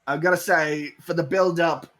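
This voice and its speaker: A man with a fairly high voice, a guest on a watch-along. He rambles and jokes through casual commentary as the film plays. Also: fairly even intonation, normal speed, a bit bright. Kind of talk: casual chat.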